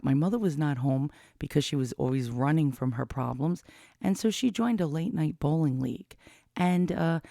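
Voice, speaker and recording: A woman's voice: low-pitched, gravelly, dark tone, no room sound. A woman in her fifties telling a personal story in a candid, rambling way, with blunt swearing, into a studio mic with a pop filter. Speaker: vlogger.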